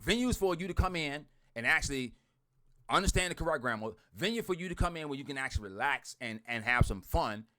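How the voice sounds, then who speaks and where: A man ranting bluntly to his online group, swearing a lot, repeating himself and swinging from loud outbursts to muttering. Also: fairly high pitch, lively intonation, fast talker. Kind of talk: heated profane rant to followers.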